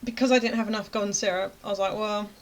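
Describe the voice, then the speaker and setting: A woman in her thirties who creates web design courses tells a chatty story to camera, acting out her own reactions. She talks very fast in a medium-pitched, steady tone.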